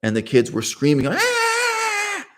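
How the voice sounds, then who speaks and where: Gravelly low-voiced man rambling. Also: fairly quick, a little hiss or hum. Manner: digressive, self-correcting, laughs at his own story. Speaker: channel host. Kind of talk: rambling personal monologue.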